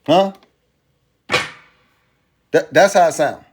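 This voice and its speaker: Man, casual teaching, emphatic, repetitive, slangy, slightly high voice. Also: slow pace, a little mellow, slightly rough. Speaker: crypto course seller. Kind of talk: casual teaching demo with music.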